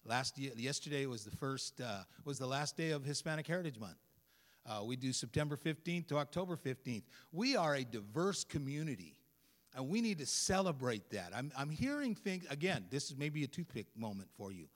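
Animated man preaching in a reverberant church. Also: mid-range voice, a little fast. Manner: animated, conversational preaching with asides to the congregation. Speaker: guest pastor. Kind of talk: sermon. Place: church sanctuary. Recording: long reverb of a church hall.

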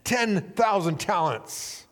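A man preaching a sermon, telling a parable with animated storytelling and acting out the characters' voices. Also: slow, long reverb tail. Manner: animated storytelling, acting out characters with big swings in pitch and volume. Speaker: pastor.

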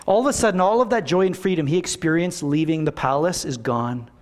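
A male pastor delivers a sermon to his church, speaking fairly quickly in a conversational, animated style packed with rhetorical questions. His voice sits notably high, and a long reverb from the church hall trails after every phrase.

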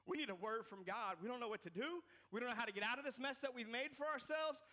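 A man's voice: very high-pitched, fast talker, sharp tone, pitched above the performer's own voice. A man voicing an anxious ancient king in a sermon, urgent and pleading.

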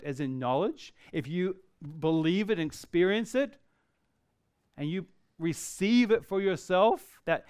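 A man preaching a sermon earnestly, swinging from loud emphasis to quiet, slow passages. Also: fairly high pitch, clean tone, no room sound, studio quality. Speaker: pastor.

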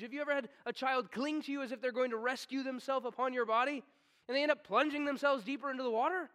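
A man preaching a sermon, swinging from hushed, slow tones to stern, rising commands. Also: high voice, animated. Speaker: pastor.

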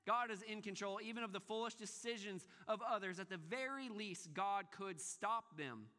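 A man's voice: sits high, moderate pace, bright, forceful tone, big-room sound. A man preaching a sermon, asking rhetorical questions and driving points home with emphatic repetition. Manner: emphatic, rhetorical questions, repeats words when restarting. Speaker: pastor.

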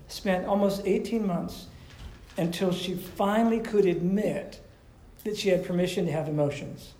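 A man's voice: sits high, mellow, echoey room, rough recording. A man preaching a sermon as a pastor and counselor, teaching in a conversational way with rhetorical questions.

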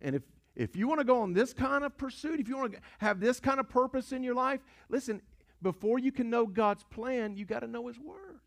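A man's voice: very high voice, expressive, fairly quick, vocal fry. A man, a pastor, preaching a sermon in a storytelling way, repeating phrases and asking rhetorical questions. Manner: storytelling, repetitive, rhetorical questions and call-and-response.

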